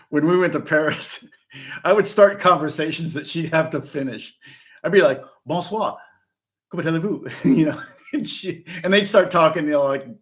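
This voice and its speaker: A man's voice: fairly high pitch, a bit bright. A middle-aged man from the United States, a guitar teacher talking in a rambling, casual way with frequent laughs and restarts. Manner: rambling, chatty, laughs often, many restarts. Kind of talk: casual live-stream chat.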